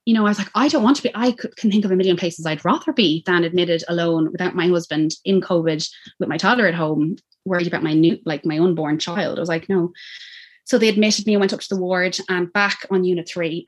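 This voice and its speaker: Fast-talking Irish woman. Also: lowish voice. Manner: animated, acts out quoted lines. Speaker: guest telling her birth story. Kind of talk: casual personal storytelling.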